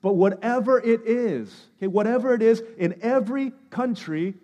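A man preaching a sermon in a conversational, emphatic way, pressing hard on key words and then dropping to a hush. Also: moderate pace, long reverb tail, dull audio. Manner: conversational, emphatic preaching that swings between loud stress and hushed lows. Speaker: pastor.

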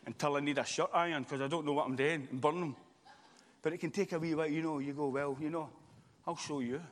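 Male preacher, high-pitched, long hall reverb, loud then hushed. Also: fairly even intonation, quick pace. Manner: swings from loud impassioned shouting to quiet confiding storytelling. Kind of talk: sermon. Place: church.

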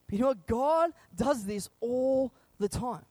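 A pastor preaching a conversational sermon, animated and chuckling often. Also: mid-range voice, a little slow, breathy edge, dry recording.

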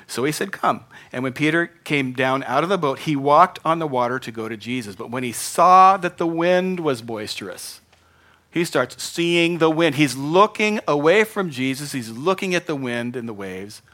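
A man's voice: on the high side, lively intonation, normal speed, fairly bright tone. A middle-aged man preaching a sermon in an earnest, conversational way, rising to bursts of emphasis. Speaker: pastor.

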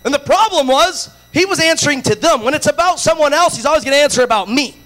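High, bright-voiced impassioned preacher man. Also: lively intonation, fast talker, rough recording. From Latin America. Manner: impassioned, rising to shouts, acting out voices. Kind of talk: sermon.

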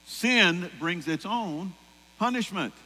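A man preaching a sermon, animated, acting out voices and singing lines. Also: sits high, takes it slowly. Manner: animated, acts out voices and sings song lines. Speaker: pastor. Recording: long hall reverb with mains hum.

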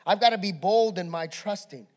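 A man preaches with a high, bright-sitting voice, building his sermon through animated storytelling. He swings from quiet asides to fired-up peaks as he tells his story. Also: moderate pace, long reverb tail. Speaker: pastor.

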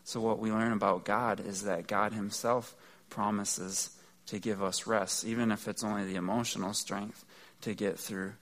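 A man's voice: fairly low pitch, flat delivery, normal speed, fairly bright tone. A man giving a conversational, earnest sermon, explaining things step by step. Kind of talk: sermon teaching.

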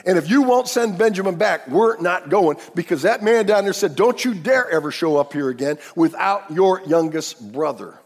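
A man playing a grown son bluntly insisting to his father, his voice husky in a reverberant hall. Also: high-pitched, lively intonation, moderate pace, hardly any pauses, pitched above the performer's own voice. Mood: insistent. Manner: forceful, insistent. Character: blunt, forceful grown brother confronting father.

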